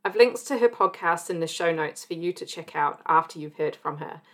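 A woman's voice: on the low side, normal speed, a bit bright. A woman from New Zealand hosting a podcast, reading a scripted intro and then asking interview questions. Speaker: podcast host.

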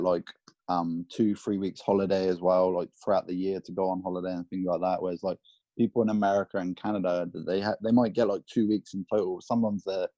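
A man from England with a southern English accent, a podcast guest chatting in a relaxed way with many fillers. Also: sits low, no room sound. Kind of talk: casual chat. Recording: dull, lo-fi call audio.

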